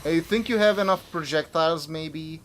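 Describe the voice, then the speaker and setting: A man's voice: a little high, normal speed, slight background noise. A young man streaming a video game, talking through his play, swearing and grumbling at the enemy and his computer. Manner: cursing, exasperated at the game. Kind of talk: live gameplay commentary.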